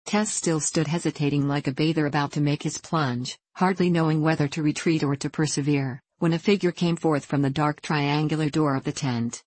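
A woman narrating a classic novel in a measured, even reading. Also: low voice, no room sound. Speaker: audiobook narrator. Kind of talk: scripted narration.

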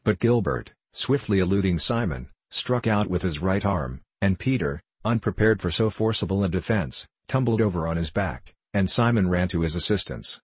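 A man narrating an audiobook in a steady, measured reading style. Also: low voice, husky, no echo. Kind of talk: scripted narration.

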